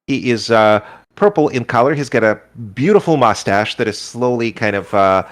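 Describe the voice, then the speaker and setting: A man's voice: medium pitch, lively intonation, normal speed. A man narrating as game master, improvising loosely with many fillers. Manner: rambling, improvised, full of fillers.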